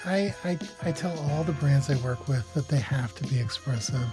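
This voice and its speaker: A man speaking casually as an interview guest, talking loosely and freely with plenty of fillers and restarts. His pitch sits in a middle range, with faint music under the voice. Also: moderate pace. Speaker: agency founder and guest.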